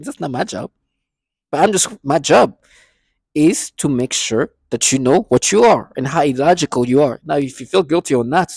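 A man's voice: on the high side, gravelly, a little mellow, slightly rough, no echo, studio quality. A man ranting in a vlog monologue, agitated and scornful, repeating himself often. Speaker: vlogger.

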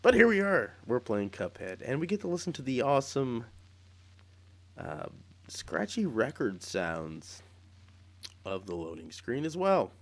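A man's voice: mid-range voice, very animated, a little slow, long pauses. A man playing a game for his channel, chatting casually with rambling, self-deprecating jokes. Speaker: gaming YouTuber.

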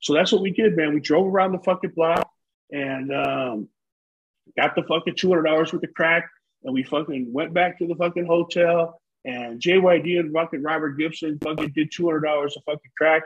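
A man in his fifties from the United States, co-hosting a casual chat. His voice sits high and sounds husky, and he swears his way through rambling stories. The recording is dull and lo-fi. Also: steady tone, normal speed. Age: 50s. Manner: profane, rambling storyteller. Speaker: co-host, former pro wrestler.

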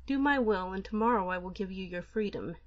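A woman voicing a cruel, treacherous male earl who speaks low, cold and scornful. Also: a little fast, lo-fi sound, natural voice.

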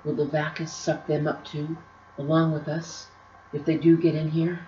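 A woman's voice: low-pitched, level tone, normal speed, dark tone, slight background noise, lightly acted. A woman voicing a small, timid male muse who speaks nervously. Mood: fearful. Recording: roomy, slightly dull recording.

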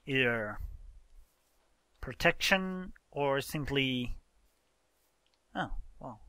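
A man's voice: medium pitch, expressive, drawn-out words, bright, forceful tone, clean tone, no echo. A man hosting a casual let's-play, explaining game mechanics and exclaiming in exasperation as he plays with a friend. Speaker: gaming channel host.

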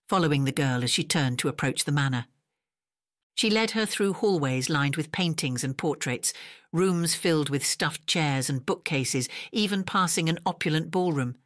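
A woman narrating a romance audiobook in a measured, even storytelling manner, recorded close on a studio mic. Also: low-pitched, no echo. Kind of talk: scripted narration.

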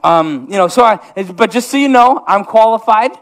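Upper Midwest pastor, tenor-ish voice, jokey rambling sermon full of restarts. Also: male voice, high voice, lively intonation, normal speed, a bit bright. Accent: Upper Midwest American. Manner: self-mocking, rambling with many restarts. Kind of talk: comedic sermon. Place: church sanctuary.

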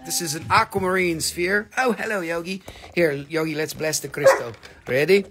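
High, gravelly-voiced man hosting a live sale. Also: moderate pace, very noisy. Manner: joking, rambling, playful. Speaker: host of a live mineral sales stream. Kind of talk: casual live selling banter.

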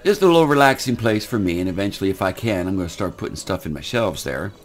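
Older pa guy rambling folksy about his game, deep-ish voice, bit of music in the back. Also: animated, quick pace. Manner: folksy, rambling, repeats words. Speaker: gaming channel host. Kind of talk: casual game commentary.

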